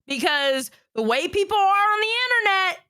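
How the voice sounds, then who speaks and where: A woman's voice: very high voice, very animated, moderate pace, pushed and bright, no echo, clean studio sound. A woman co-hosting a live stream, chatting bluntly about online drama and swearing freely as she makes her points. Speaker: stream co-host. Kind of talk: casual drama-commentary chat.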